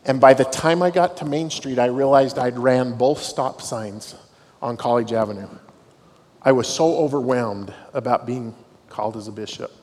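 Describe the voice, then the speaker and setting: Campus dean telling stories in a hall. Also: male voice, medium pitch, moderate pace, a little mellow, slightly rough. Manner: storytelling, self-deprecating humor. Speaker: dean of students. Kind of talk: devotional talk to students. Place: large hall on a university campus. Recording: long hall reverb, faint noise.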